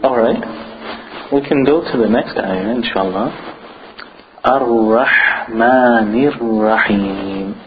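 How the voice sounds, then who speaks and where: A man teaching a recitation class, patiently drawing out words to model pronunciation and giving frequent short praise. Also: mid-range voice. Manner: repeats words slowly and drawn out to model pronunciation. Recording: muffled lo-fi recording with steady background noise.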